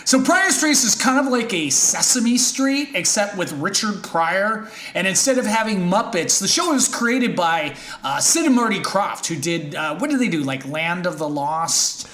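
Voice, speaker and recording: A man's voice: high-pitched, very animated, moderate pace, hardly any pauses, pushed and bright, roomy sound. A man hosting a comedy podcast in a loose, hesitant, joking way. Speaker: podcast host. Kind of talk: casual chat.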